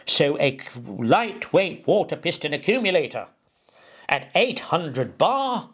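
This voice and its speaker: A man giving an informal engineering explainer, rambling and digressive, with homely analogies and emphatic delivery. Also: fairly high pitch. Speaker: presenter explaining an engineering idea.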